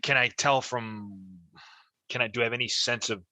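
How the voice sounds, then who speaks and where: A man's voice: medium pitch, fairly even intonation, normal speed, pushed and bright, no room sound, poor audio. A man playing a tabletop game, eager and thinking aloud, often repeating himself. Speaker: player.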